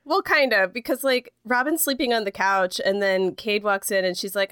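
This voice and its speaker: Young woman co-host, mid-pitched, chatty and filler-heavy, dry recording. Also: moderate pace, fairly bright tone, clean tone, no echo. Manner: rambling, heavy use of "like", frequent laughs. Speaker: podcast co-host. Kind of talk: casual chat.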